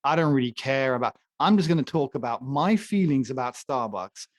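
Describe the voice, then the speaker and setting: A man's voice: medium pitch, expressive, brisk, dry recording, studio quality. A man co-hosting a casual talk show, ranting emphatically and joking as he makes his case. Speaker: podcast co-host. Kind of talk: opinionated casual chat.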